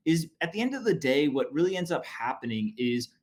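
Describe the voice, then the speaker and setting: Joking, energetic male podcast host. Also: fairly high pitch, brisk. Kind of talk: casual chat and ad read.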